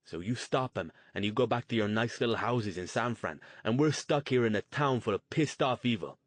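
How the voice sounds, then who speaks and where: Guy putting on a gruff street tough, loud and crude, pushy slang. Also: medium pitch, lively intonation, normal speed, no echo, close to an everyday voice. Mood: scornful. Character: gruff hard-bitten male street outcast leader.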